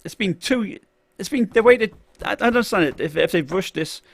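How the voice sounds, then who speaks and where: A man's voice: sits high, lively intonation, brisk, vocal fry, a little hiss or hum. A man chatting on a live stream about tech, rambling with lots of fillers and restarts, and greeting viewers from the chat.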